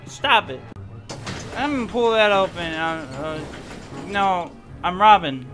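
A man's voice: high voice, very animated, slow pace, sharp tone, faint music behind. A man giving playful, goofy commentary while he plays a superhero video game, stammering and laughing as he goes. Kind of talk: playful let's-play commentary.

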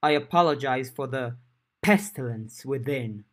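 A proud, stately fairy man of the summer court, as a male reader puts him on. He speaks slowly and grandly, lingering over every phrase. His voice is steady and mid-pitched. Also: lightly acted. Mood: grandiose. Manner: slow, grand and theatrical. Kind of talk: audiobook character voice.

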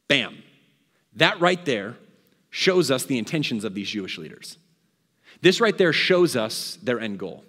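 A male pastor preaching an animated sermon, acting out the scripture with voices, in a reverberant church hall. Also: mid-range voice, normal speed, husky.

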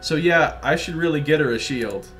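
A man's voice: fairly high pitch, moderate pace, a bit bright, faint music behind. A man giving casual, joking let's play commentary while chatting with his viewers. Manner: chatty, joking, talks to chat. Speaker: gaming livestreamer.

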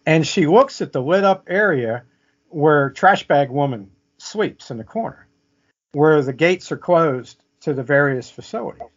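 A man's voice: fairly high pitch, lively intonation, a little slow. A man telling a vivid story as an interview guest, often checking in with "okay?". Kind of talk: casual storytelling. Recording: muffled lo-fi audio.

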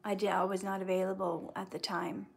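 A woman's voice: mid-range voice, flat delivery, fairly quick, gravelly. A woman chatting through a casual livestream Q&A. She reads out her viewers' comments and answers each one in a friendly, chatty way. She gives earnest, faith-based advice and mixes it with light humor. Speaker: actress answering viewer questions.

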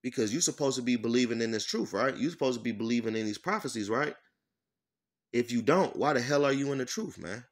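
A man giving an informal sermon. He reads verses slowly, breaks them down bluntly with profanity, and keeps checking in with "all right?". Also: medium pitch, animated. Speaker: scripture teacher. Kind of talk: informal sermon with scripture reading.

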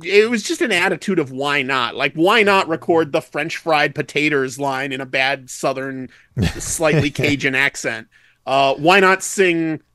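A man chatting as a guest on a podcast, his voice sitting a little high. He jokes and wanders into quick asides. The sound is close and dry, with almost no room. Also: bright, forceful tone, dry recording. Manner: chatty, joking, quick digressions. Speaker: guest musician. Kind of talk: casual podcast chat.

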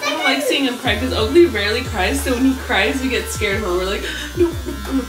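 A woman's voice: on the high side, big pitch swings, brisk, over music. A young woman chatting to camera at home for her family vlog, bubbly and talkative, laughing often and mixing in Spanish words. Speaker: family vlogger and mother. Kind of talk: casual vlog chat to camera.

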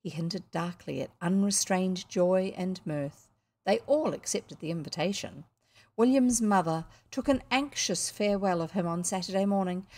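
Expressive New Zealand woman reading a story. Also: on the low side, moderate pace. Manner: expressive, occasional slips and restarts. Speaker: audiobook reader.

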